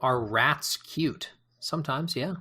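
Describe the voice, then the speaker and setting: A man hosting a podcast, reading out quick-fire questions and answering them himself, often hesitating and rambling with fillers. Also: mid-range voice, bright, forceful tone, breathy edge. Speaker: podcast host.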